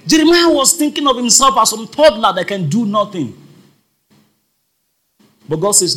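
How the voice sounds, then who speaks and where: A man's voice: high-pitched, lively intonation, normal speed, long pauses, fairly bright tone. A man preaching a sermon, emphatic, repeating his points and calling on the congregation to respond.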